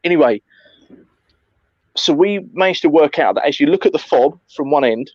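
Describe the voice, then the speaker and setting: A man tells a night-game story in a lively, sweary chat, with a slightly higher voice than most men. The sound is dry and a little dull, recorded close with no room around it. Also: moderate pace, no echo. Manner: animated, swearing, lots of fillers and "mate". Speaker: airsoft player recounting a game.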